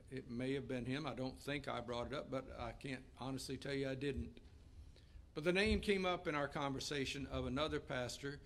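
A man's voice: medium pitch, slight background noise. A middle-aged man preaching a sermon as pastor, earnest, raising his voice to read scripture aloud.

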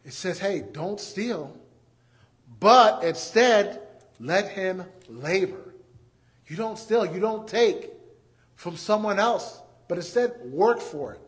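A man's voice: high voice, slow pace. A man preaching a sermon, acting out everyday scenes and repeating key phrases for emphasis. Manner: animated, acts out everyday scenes.

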